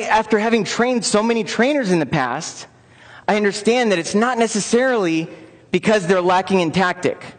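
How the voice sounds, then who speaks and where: A man with a rather high voice leads an interactive lecture for personal trainers. He talks in an upbeat way and keeps coaxing the audience to take part. His voice rings out with the long reverb of a large conference hall. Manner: upbeat, coaxes the audience into joining in.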